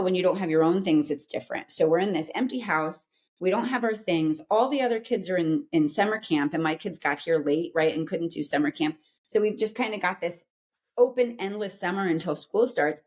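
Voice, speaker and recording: A woman's voice: fairly low pitch, brisk, a little mellow. A woman in her forties, a psychologist, talking earnestly in a casual interview and often checking in with "right?". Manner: earnest, explanatory, frequent "right?" tags. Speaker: guest, psychologist.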